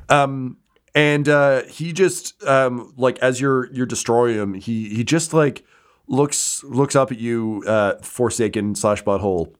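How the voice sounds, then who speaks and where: A man's voice: medium pitch, normal speed. A man narrating as game master, rambling with many ums and likes.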